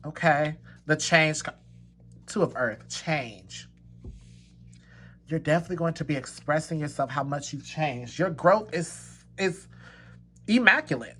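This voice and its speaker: A man's voice: fairly high pitch, measured pace, long pauses, sharp tone, a little hiss or hum. A man giving a pick-a-card tarot reading to his viewers, talking emphatically and repeating his points to reassure them, with bursts of laughter. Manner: emphatic and repetitive, reassuring the listener; slips into laughter and exclamations. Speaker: tarot reader.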